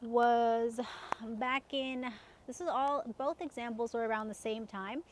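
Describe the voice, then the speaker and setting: Chatty woman with a higher voice. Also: fairly even intonation, a little slow, slight background noise. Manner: chatty, laughs often, many fillers. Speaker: self-help coach. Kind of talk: casual personal storytelling.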